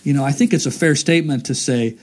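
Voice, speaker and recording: A man's voice: mid-range voice, fast, darkish tone. A man hosting a casual faith talk, earnest and rambling, restarting his sentences often. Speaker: host.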